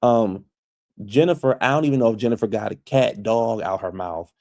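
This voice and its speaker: A man casually recapping a reality TV episode for his viewers, chatty and opinionated, quick to pass judgment on the cast. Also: fairly low pitch, a little mellow. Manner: chatty, gossipy, opinionated, addresses viewers as y'all.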